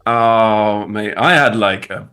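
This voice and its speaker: A man's voice: fairly low pitch, slow, sharp tone, smooth, faint music behind. A man from the UK in his thirties with a British accent, chatting casually as a guest designer on a livestream, rambling with many restarts.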